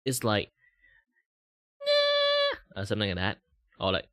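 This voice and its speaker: This young Malaysian VTuber streamer talks fast in a fairly bright voice, recorded dry. His Malaysian English carries a slight British lilt over a Mandarin first language, and he chats casually on a livestream, rambling, stretching out words and jumping between high and low pitch.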